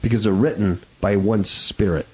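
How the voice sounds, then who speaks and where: A man's voice: fairly low pitch, steady tone, moderate pace, a little mellow. A man hosting a Christian talk radio show, rambling and stammering with indignant restarts.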